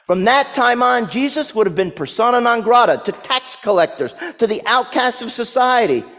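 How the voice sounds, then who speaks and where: Lively high-voiced preacher in echoing hall. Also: male voice, moderate pace, hardly any pauses. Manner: vivid dramatic storytelling with humor. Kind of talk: sermon.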